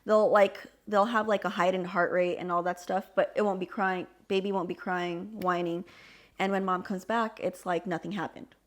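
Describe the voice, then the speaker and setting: A young adult woman co-hosting a podcast, explaining a subject in casual chat with an animated, filler-heavy way of talking. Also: lowish voice, moderate pace. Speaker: podcast co-host.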